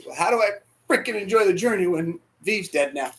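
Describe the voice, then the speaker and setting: An emotional male pastor preaching in a church, his voice high and swinging widely in pitch. He drops to hushed near whispers, then climbs to shouts. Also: animated, fast. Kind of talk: sermon. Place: church sanctuary.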